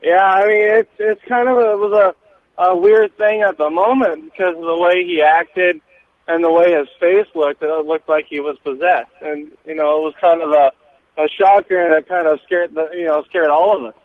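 A man's voice: a little high, fairly even intonation, normal speed. A man from Washington calling into a radio show from his tractor, speaking plainly and hesitantly. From Washington state. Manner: plain-spoken, hesitant with fillers. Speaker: caller. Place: tractor cab. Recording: phone line from a tractor.

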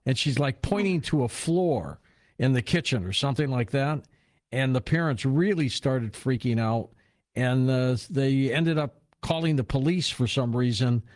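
A man hosting a call-in radio show, telling stories in a relaxed conversational way and welcoming callers. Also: mid-range voice, normal speed. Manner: storytelling, conversational. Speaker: radio host.

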